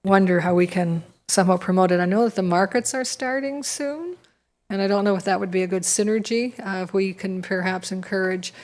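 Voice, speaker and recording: A woman's voice: medium pitch, fairly even intonation, brisk, a little mellow. A woman speaking as a town councillor at a council meeting, hesitant and searching for her words.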